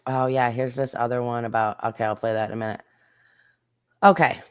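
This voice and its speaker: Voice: medium pitch, fairly even intonation, brisk, clear, resonant tone. A livestream host giving casual commentary on viral videos in a blunt, indignant way, with mild swearing, and talking straight to the viewers. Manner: chatty, talks straight to the viewers.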